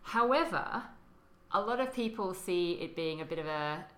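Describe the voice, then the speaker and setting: A woman's voice: fairly low pitch, animated, normal speed, a bit bright. A woman co-hosting a podcast, explaining history in a chatty way, with fillers and frequent laughter. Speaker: podcast co-host. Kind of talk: casual conversational history chat. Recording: roomy echo.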